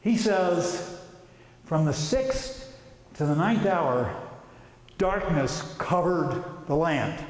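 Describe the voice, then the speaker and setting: A man presenting an informal religious talk, telling the story vividly and casually with slang. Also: high-pitched. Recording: echoey hall reverb.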